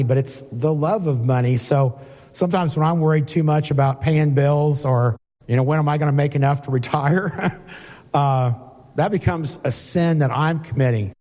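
Plainspoken preacher in a reverberant hall. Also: male voice, fairly high pitch, normal speed, dark tone. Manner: conversational, plainspoken, asks the congregation questions. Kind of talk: informal sermon with Bible reading. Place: church hall before a congregation.

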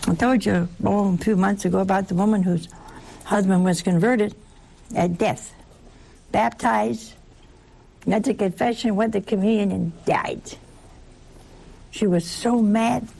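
A woman's voice: mid-range voice, fairly even intonation, a little slow, gravelly, long pauses, warm tone. A woman preaching a conversational sermon, talking straight to listeners with rhetorical questions and asides.

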